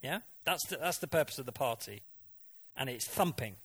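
A man's voice: medium pitch, expressive, normal speed, fairly bright tone, breathy edge. A man preaching a sermon in a conversational way, often asking the congregation questions and now and then mimicking voices for effect.

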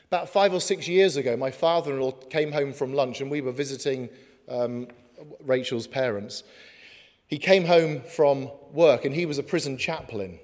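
A man preaching a sermon in an earnest way, slowing down for emphatic lines. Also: a little high, darkish tone. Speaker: pastor. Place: church hall. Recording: long hall reverb.

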